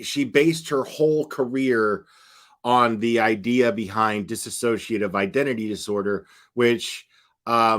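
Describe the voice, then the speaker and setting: A man hosts a casual live-stream commentary in a somewhat low voice. He talks slowly and haltingly, with many fillers and restarts. His remarks are blunt and scornful. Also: fairly bright tone.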